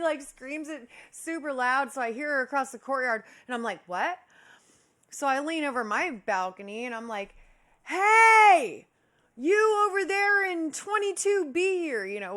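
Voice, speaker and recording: A young woman from Kansas City hosting a casual livestream, chatting with her viewers. Her voice is bright and a little sharp. She laughs easily and greets people with affectionate nicknames. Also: medium pitch. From Kansas City, USA. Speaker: livestream host.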